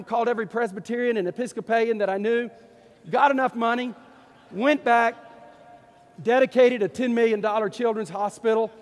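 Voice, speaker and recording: A man from East Texas with an East Texas accent, a pastor telling a story in a folksy, animated sermon. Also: very high-pitched, long reverb tail. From East Texas, USA.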